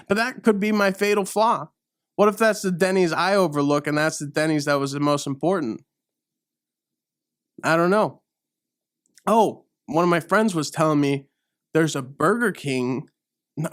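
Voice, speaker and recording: A man's voice: on the high side, fairly bright tone, no room sound, studio quality. A man hosting a solo comedy podcast, riffing in a rambling, playfully mock-outraged rant. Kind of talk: solo improvised comic rant.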